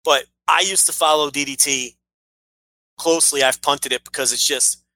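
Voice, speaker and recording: Male podcast co-host, bright tone, dry close sound, blunt rambling talker. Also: on the high side, steady tone, moderate pace, no room sound, rough recording. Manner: rambling, blunt, swears freely. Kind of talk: casual wrestling podcast chat.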